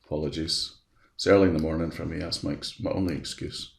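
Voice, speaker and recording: Male webinar presenter, low gravelly voice, talks through each click in a chatty way, roomy echo. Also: fairly even intonation, quick pace. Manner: chatty, walks through steps aloud. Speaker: education specialist presenting a webinar. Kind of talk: live software demonstration. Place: at his computer.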